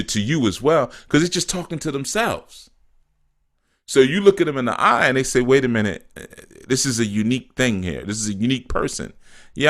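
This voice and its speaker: A man giving a casual spiritual talk as a teacher, animated and repetitive, often acting out what people say. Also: lowish voice.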